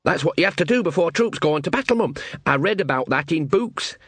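Guy doing a jittery young guard, high voice, dry close sound. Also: lively intonation, fast, a bit bright, slightly rough, no echo. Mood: eager. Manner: pleading, breathless, repeats "Mum". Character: anxious young male guard, near tears.

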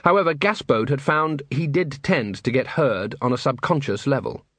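A man narrating an audiobook in a measured, wry manner. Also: mid-range voice, lively intonation, a bit bright, no echo. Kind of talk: scripted narration.

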